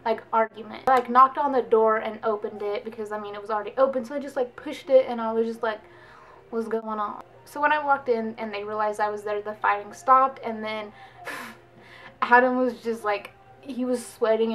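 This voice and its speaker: A woman's voice: fairly high pitch, steady tone, fairly quick, fairly bright tone, poor audio. A young woman vlogger telling a story in a casual, chatty way, laughing often. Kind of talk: storytime vlog.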